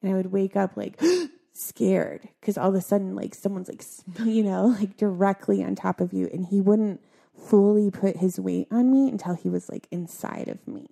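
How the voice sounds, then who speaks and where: A young adult woman talking in a halting, soft-spoken way, her sentences full of filler words, in a confessional conversation. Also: medium pitch, fairly even intonation, creaky.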